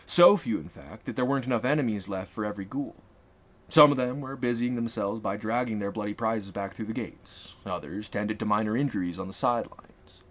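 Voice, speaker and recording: A man narrating his own fantasy audiobook in an expressive, dramatic reading. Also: fairly low pitch, a little fast. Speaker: author and narrator.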